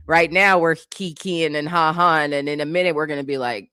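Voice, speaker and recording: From a living room with a couch and a cat, a YouTube commentator reacts casually to song lyrics, sarcastic and laughing often. Her mid-range voice is sharp and smooth, slow with long pauses, in a dry, studio-quality recording.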